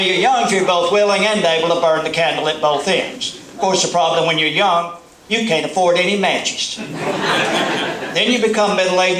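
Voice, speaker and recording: A middle-aged man with a Southern drawl delivers a folksy, joking keynote to a live crowd. His voice sits fairly high for a man. The recording is echoey, and a loud room ambience runs underneath. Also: heavy background noise. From American South. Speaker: motivational speaker. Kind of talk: humorous keynote speech. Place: large hall before a live audience.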